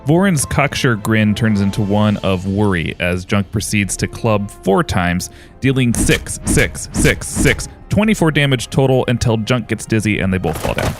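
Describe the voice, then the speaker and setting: A man narrating as game master in a tabletop game, in a steady, descriptive storytelling manner. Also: fairly low pitch, moderate pace, music in the background.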